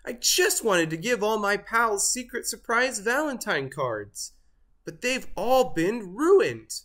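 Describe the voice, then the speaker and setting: A storybook reader voicing an excitable male turkey with a high squawky gobbling voice. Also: a little slow. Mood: wailing. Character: excitable male turkey who loves secret valentines. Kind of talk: storybook read-aloud.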